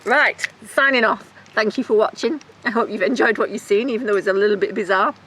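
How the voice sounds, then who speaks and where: A woman's voice: mid-range voice, fairly quick, a bit bright, a little hiss or hum. A woman hosting her gardening vlog outdoors in the garden, chatting casually and enthusiastically and giggling often. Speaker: gardening vlogger. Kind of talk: casual chat.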